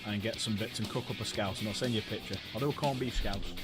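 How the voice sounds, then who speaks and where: Chatty streamer, guitar behind. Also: male voice, fairly low pitch, fast. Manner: chatty and jokey, repeats phrases. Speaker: streamer host. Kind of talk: casual live-stream chat.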